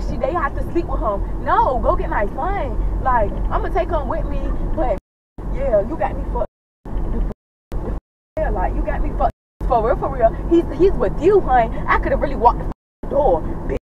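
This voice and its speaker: A high-pitched woman, venting on the phone to a friend with profane exasperation. She is recorded from across the car by a dashboard camera, sounding distant and muffled under steady road noise. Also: normal speed. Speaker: rideshare passenger on a phone call. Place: back seat of a moving car.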